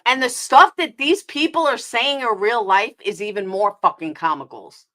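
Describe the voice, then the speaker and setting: Streamer, woman, New York accent; high, sharp voice, angry profane rant at her chat. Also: animated, moderate pace. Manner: heated, profane, confrontational, answering chat.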